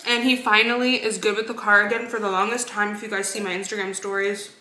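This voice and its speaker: A woman's voice: medium pitch, flat delivery, fast, pushed and bright, roomy sound, slight background noise. A young woman chatting casually in a vlog, talking while she eats at home. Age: young adult. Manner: chatty, talks while eating. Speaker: vlogger.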